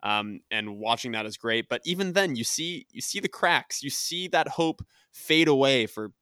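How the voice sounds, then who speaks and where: A man's voice: medium pitch, animated, normal speed, pushed and bright, clear, resonant tone, no echo, studio quality. A man co-hosting a film podcast, speaking earnestly and candidly, laughing often. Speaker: podcast co-host. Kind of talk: casual film review chat.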